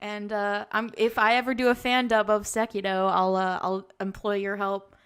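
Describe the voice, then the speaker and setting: A young adult woman hosting a casual chat, excitable, laughing often and swinging between loud and soft. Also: mid-range voice, moderate pace, clean tone. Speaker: host.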